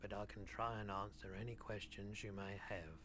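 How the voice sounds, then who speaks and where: A man's voice: fairly low pitch, level tone, normal speed, fairly bright tone, slight background noise, close to an everyday voice. A man voicing a polite, cautious pawnbroker in a video game, speaking courteously and businesslike. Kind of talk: game voice acting.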